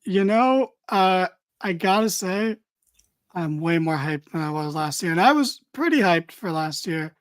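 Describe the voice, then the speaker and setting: A man's voice: high-pitched, lively intonation, unhurried, no room sound. A tired man co-hosting a casual wrestling podcast, rambling with dry, mock-serious humor. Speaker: podcast co-host.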